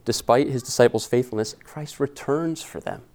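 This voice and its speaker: A man's voice: mid-range voice, normal speed, darkish tone. A man preaching an expository sermon as pastor, earnest and conversational, retelling scripture in casual everyday words. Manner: earnest and conversational, with slangy paraphrase.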